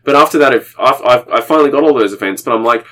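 A man from Australia co-hosting a podcast, telling stories in an excitable, meandering way. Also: medium pitch, fast talker. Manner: excitable storyteller, many fillers and restarts, laughs often. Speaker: podcast co-host. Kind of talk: casual chat.

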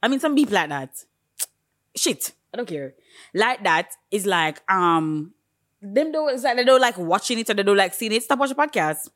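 A woman's voice: mid-range voice, moderate pace. A woman co-hosting a podcast, chatting casually and acting out the people in her stories. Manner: animated storytelling, acts out quoted exchanges. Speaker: podcast co-host. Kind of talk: casual chat.

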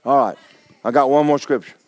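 A pastor preaching a folksy, playful sermon to his congregation, now and then breaking into shouted praise. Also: mid-range voice, fairly quick. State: injured foot, sitting while preaching.

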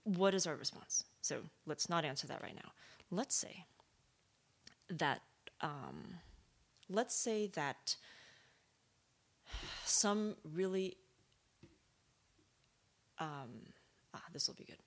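A woman's voice: lowish voice, slow pace, pauses often. A woman in casual conversation, thinking aloud with many fillers and rhetorical questions. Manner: thoughtful, animated, lots of fillers and rhetorical questions.

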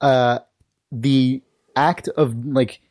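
A man co-hosting a podcast in casual chat, thoughtful and measured as he talks ideas through. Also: mid-range voice, steady tone, darkish tone. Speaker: podcast co-host.

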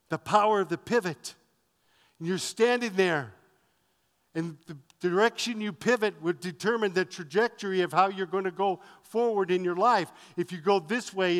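Male pastor, emphatic repeating sermon delivery, higher voice, long reverberant hall. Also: moderate pace, a bit bright. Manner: emphatic, repetitive preaching cadence.

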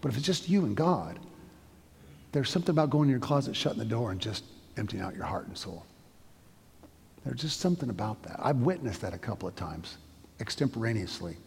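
A man's voice: lowish voice, lively intonation, fairly quick, vocal fry, a little mellow, a little hiss or hum. A middle-aged man preaching a sermon as a pastor, telling stories in a conversational way with frequent restarts. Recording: long hall reverb.

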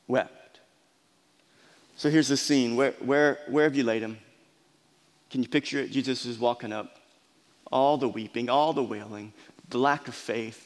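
A man preaching a sermon as pastor, earnest, often restarting and repeating words, sometimes dropping low and quiet. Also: in a large hall.

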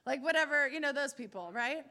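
Woman preacher, high bright voice, animated storytelling, acts out the people she quotes. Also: brisk. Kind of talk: testimony in a sermon.

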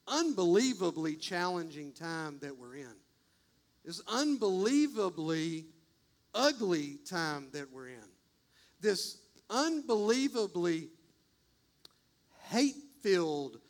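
Male pastor, high-pitched and impassioned, emphatic sermon delivery. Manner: impassioned, emphatic, swings between fast bursts and slow stresses. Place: church, streamed online.

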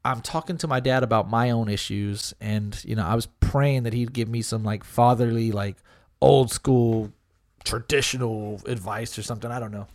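A middle-aged man talks loosely, spins a story and swears freely. He quotes friends and relatives, with plenty of filler words. His voice sits at a middle pitch and is recorded close and dry, with no room sound. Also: steady tone, normal speed, no room sound. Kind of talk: casual storytelling chat.

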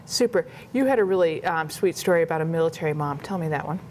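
Lowish-voiced woman hosting an interview. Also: animated, fast talker, a little mellow, a little hiss or hum. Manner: encouraging, restates the guest's points. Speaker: interview host. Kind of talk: casual interview.

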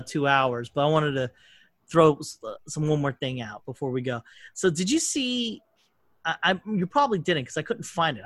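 A man's voice: fairly high pitch, fairly bright tone, dry recording. Profane rambling man, dry sound. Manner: rambling, profane, with quick restarts. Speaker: podcast host. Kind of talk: casual chat.

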